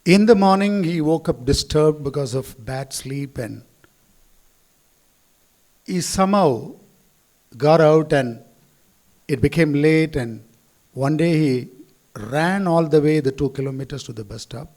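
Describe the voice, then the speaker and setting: A man's voice: a little high, lively intonation, measured pace, pauses often, a little mellow. A man, a school chairman giving a speech at a school event in a hall, telling stories and acting out the quotes.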